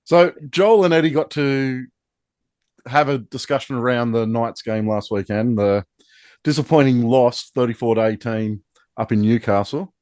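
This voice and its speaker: A man's voice: medium pitch, normal speed, darkish tone, dry recording. Wry man hosting. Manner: wry, teasing. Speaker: podcast host. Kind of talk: casual sports chat.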